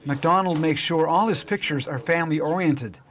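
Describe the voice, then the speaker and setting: A man narrating a local television documentary in a measured, clear storytelling voice. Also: fairly high pitch, a bit bright. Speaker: program narrator and host.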